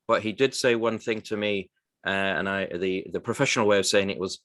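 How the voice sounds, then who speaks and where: A deep-voiced man talking through his working life as a guest on a radio show. He pauses and restarts often, in a thoughtful, unhurried way. The sound is dry and close, with no room around it. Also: steady tone, fairly bright tone, dry recording. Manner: halting, reflective, restarts often. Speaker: guest, recruitment firm co-founder. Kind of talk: radio interview, personal story.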